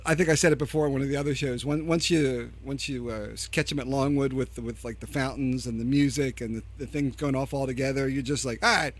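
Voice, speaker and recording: A man's voice: medium pitch, steady tone, fast talker, hardly any pauses. A man co-hosting a podcast, rambling and joking in casual chat. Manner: rambling, joking, restarts sentences. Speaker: podcast co-host.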